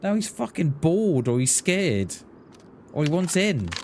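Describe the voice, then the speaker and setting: A man's voice: on the high side, very animated, a little slow, a little mellow, a little hiss or hum. A man, ranting casually and bluntly while streaming a game. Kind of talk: casual chat while gaming.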